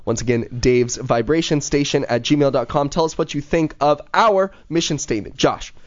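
A man's voice: on the high side, normal speed. A man hosting a casual podcast chat, talking in an eager, motivational way with plenty of fillers. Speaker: podcast host. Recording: dull lo-fi recording.

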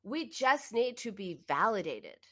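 Bright, earnest woman giving self-help advice. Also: very animated, unhurried. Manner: earnest and emphatic, often rising in pitch for emphasis; speaks directly to the listener in second person. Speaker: binge eating coach. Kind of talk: motivational self-help talk.

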